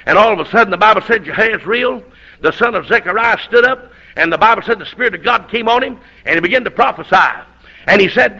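A middle-aged man preaching a fiery, folksy sermon that breaks into shouting bursts, heard on a dull lo-fi recording. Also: sits high.

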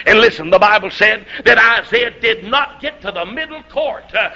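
A preacher with a high, piercing, very bright voice, working through a revival sermon in storytelling bursts. He swings from quick asides to slow, shouted climaxes. The recording is dull and lo-fi.

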